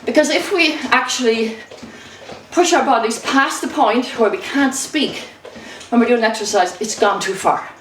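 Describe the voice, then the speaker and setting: A woman's voice: on the high side, normal speed, roomy sound, recorded from a distance, slight background noise, poor audio. A woman leading a rebounding workout, cheerful and encouraging, a little out of breath as she keeps jumping while she talks. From Ireland. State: slightly out of breath. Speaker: exercise instructor. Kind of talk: exercise demonstration. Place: indoors at home.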